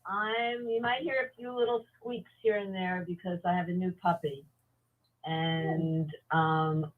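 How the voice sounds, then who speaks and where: A woman guest calling in to a casual interview, telling her story in a chatty, unhurried way. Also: on the low side. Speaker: guest, advocacy group founder. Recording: tinny phone-like line.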